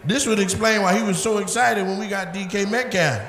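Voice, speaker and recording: A man doing loud, profane crowd work on a comedy club stage, bantering and laughing with the audience over a handheld mic. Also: high-pitched, fairly quick. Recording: roomy live club sound, loud crowd noise.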